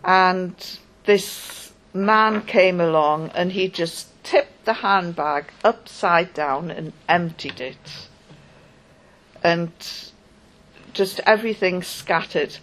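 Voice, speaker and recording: A woman recounting a personal experience in a halting, wry first-person account, pausing often as she goes. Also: fairly low pitch, a bit bright, rough recording. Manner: halting, wry storytelling with pauses.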